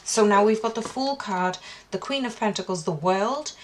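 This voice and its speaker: A woman's voice: mid-range voice, moderate pace, a little hiss or hum. Earnest woman reading tarot cards. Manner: calm, earnest spiritual tone, asking Spirit questions aloud. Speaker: tarot reader. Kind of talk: tarot card reading to camera.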